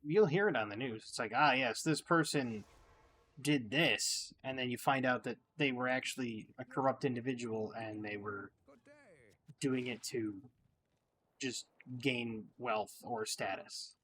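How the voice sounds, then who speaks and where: A man with a mid-pitched voice rambles thoughtfully while playing a game, sharing opinions in a loose, reflective way. Faint background noise sits under his voice. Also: a little slow, fairly bright tone. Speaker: gaming channel host. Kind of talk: casual gameplay commentary with musings.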